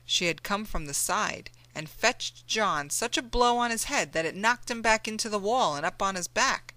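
A woman narrating an audiobook in a measured storytelling manner. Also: on the low side, bright, forceful tone, no echo. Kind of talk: scripted narration.

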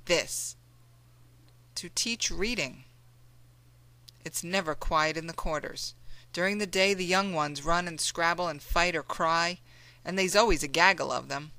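A woman narrating an audiobook in a measured storytelling manner. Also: on the low side, a bit bright, dry recording. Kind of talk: scripted narration.

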